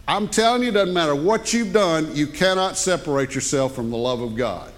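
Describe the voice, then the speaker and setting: Older guy preaching, high pitched and folksy, lots of echo from the hall. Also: normal speed. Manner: folksy, animated, jokes with the congregation. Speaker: pastor. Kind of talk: sermon. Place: church sanctuary. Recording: long hall reverb.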